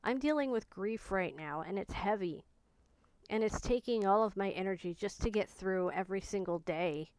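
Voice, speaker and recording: A woman confides to her camera in a candid, rambling way, weighed down by grief and short on energy. Her voice is smooth and clean, recorded close and dry with no room sound. She talks plainly and from the heart, full of fillers. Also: mid-range voice, normal speed, a little mellow, no echo. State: grieving, low on energy. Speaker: vlogger. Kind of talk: personal vlog confiding.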